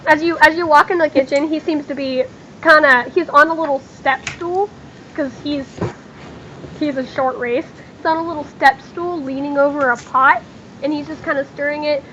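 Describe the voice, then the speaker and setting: Woman game master, high-pitched, casual halting narration, lo-fi mic. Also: fairly even intonation, a bit bright, a little hiss or hum. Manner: casual, halting, many fillers.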